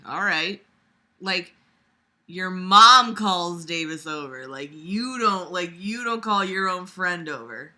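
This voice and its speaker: Snarky woman reader, piercingly bright tone, cuts in with crude asides. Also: lowish voice, animated, slow. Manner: sarcastic, profane, many fillers. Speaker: reader of a fan story. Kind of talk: dramatic reading with mocking commentary.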